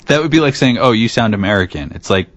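A man's voice: lowish voice, expressive, quick pace, no echo. A man co-hosting a podcast in casual, wry chat. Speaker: podcast co-host. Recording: dry, slightly dull audio.

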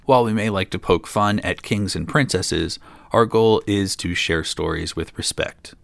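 A man's voice: low-pitched, normal speed, vocal fry, a bit bright, dry recording. A man hosting a storytelling show, reading an old fairy tale aloud with dry, joking asides. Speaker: storyteller host.

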